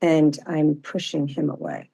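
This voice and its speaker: A woman, a guest in a self-inquiry session, talking candidly and reflectively, a bit halting. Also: deep voice, sing-song, creaky, warm tone, husky, lo-fi sound.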